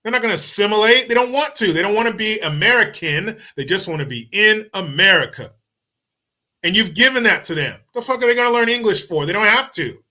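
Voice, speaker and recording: A middle-aged man hosts his own show, delivering heated, profanity-laced political commentary. His voice is bright and forceful, sitting a little high for a man. He talks bluntly, in an angry tone throughout. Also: expressive, fairly quick. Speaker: show host.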